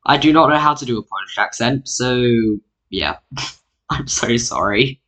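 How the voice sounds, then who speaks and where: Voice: medium pitch, lively intonation, unhurried, pushed and bright, slightly rough. A mapping YouTuber narrating an alternate history in casual, rambling, self-mocking commentary, full of "like" fillers, sounding tired. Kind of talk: casual screen-recorded commentary.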